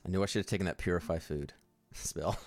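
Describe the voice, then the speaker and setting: A man narrates what his character does in a tabletop game, relaxed and halting with lots of filler. His voice is very low. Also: no echo. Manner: casual, laughing, hesitant. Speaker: player.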